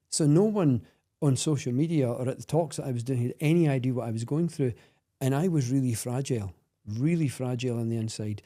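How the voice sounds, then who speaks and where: Earnest Scottish man, mellow voice. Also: mid-range voice. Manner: earnest, halting, many restarts. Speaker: guest. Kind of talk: personal storytelling in conversation.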